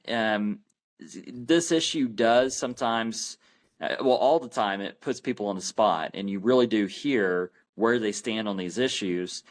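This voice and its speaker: A man as a podcast guest, explaining earnestly and often restarting his sentences. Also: medium pitch. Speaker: guest, anti-abortion campaign founder. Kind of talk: podcast interview.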